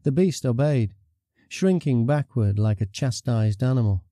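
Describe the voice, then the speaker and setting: An audiobook narrator, a man, reads a scripted fantasy story in a measured, even storytelling manner. His voice is medium-pitched, and the recording is dry and studio quality.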